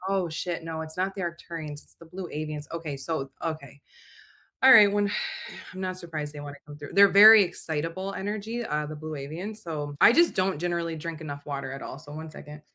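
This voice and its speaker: Woman host, low-ish bright voice, loose and casual, swears a lot, video call. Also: a little fast. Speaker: host and channeler. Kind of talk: casual live chat. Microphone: video call mic.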